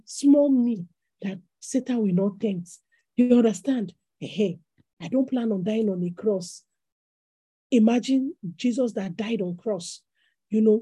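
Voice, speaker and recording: Husky Nigerian woman preaching. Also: mid-range voice, no echo. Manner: animated preaching, acts out voices in anecdotes. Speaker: pastor. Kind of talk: sermon.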